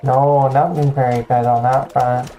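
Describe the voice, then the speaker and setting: A woman's voice: very deep voice, little pitch movement, moderate pace, warm tone, lo-fi sound. A woman hosting a stream, chatting casually with a friend and joking playfully. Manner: playful, jokey banter. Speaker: streamer host. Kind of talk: casual chat on a game stream.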